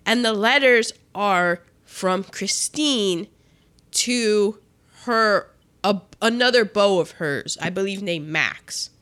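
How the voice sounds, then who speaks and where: A woman in casual chat, recapping a film with animated, incredulous energy. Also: medium pitch, slow pace, smooth.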